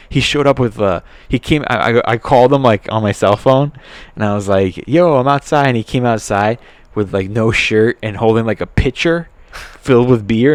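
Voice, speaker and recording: A man's voice: mid-range voice, no echo. A man in his thirties co-hosting a podcast, telling rambling stories and acting out the people he quotes in a raised voice. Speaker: podcast co-host. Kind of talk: casual chat.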